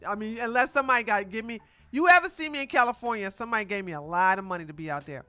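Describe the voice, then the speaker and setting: A woman's voice: on the high side, animated, racing, sharp tone, clear, resonant tone, no room sound. A streamer, likely a woman, giving rambling, mocking reaction commentary.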